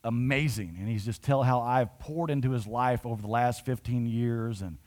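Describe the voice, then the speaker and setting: A man pastor preaching to his congregation in a conversational storytelling style. His voice sits in a middle pitch, and he builds to emphatic points. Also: moderate pace, a little mellow. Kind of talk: sermon storytelling.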